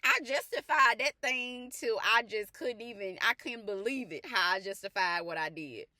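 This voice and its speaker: Speaking on the high side at normal speed, a faith life coach tells her personal testimony in a lively, colloquial way before shifting into earnest preaching full of repeated, emphatic phrases. The recording is dry and studio quality.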